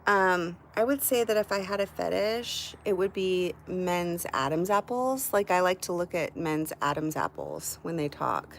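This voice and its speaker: A middle-aged woman chats candidly with her viewers on a home livestream, her voice sitting low for a woman. She talks loosely and swears without a second thought. Faint room ambience hums behind her. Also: very animated, unhurried, vocal fry, slight background noise. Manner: chatty, candid, swears casually. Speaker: live-stream host. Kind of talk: casual chat with live viewers. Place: at home, indoors.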